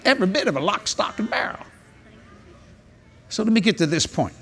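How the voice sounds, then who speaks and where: An older man preaching a humorous sermon at a convention, telling jokey stories and breaking into sudden high-pitched exclamations. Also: sing-song, fairly quick, vocal fry, fairly bright tone. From New Orleans, Louisiana. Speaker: evangelist. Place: large convention hall.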